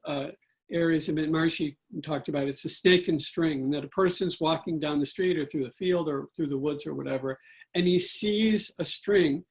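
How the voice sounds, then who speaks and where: A man giving a spiritual talk about money, telling stories with animated acted-out quotes. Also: a little high. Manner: animated storyteller, acts out quotes. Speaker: guest speaker.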